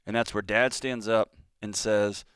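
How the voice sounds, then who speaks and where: A man hosting a radio advice show, gently coaching a caller in a measured way. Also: lowish voice, fairly even intonation, smooth, dry recording, clean studio sound. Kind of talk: call-in advice talk.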